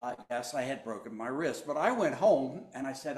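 A man preaching a sermon, slow and deliberate, swinging between loud emphasis and hushed tones. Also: mid-range voice, animated, echoey room. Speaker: pastor.

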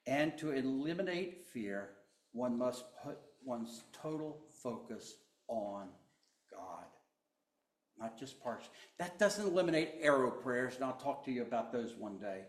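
A man preaching a sermon, slow and deliberate, swinging between loud emphasis and hushed tones. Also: medium pitch, lively intonation, roomy sound. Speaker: pastor.

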